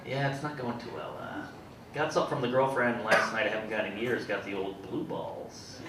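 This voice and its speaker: Wry young comic in an echoey club. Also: male voice, on the low side, far from the mic. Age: 20s. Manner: wry, quick deadpan delivery with restarts. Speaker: stand-up comedian. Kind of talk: stand-up comedy set. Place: comedy club stage. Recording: echoey club heard from afar with loud room noise. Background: audience laughter.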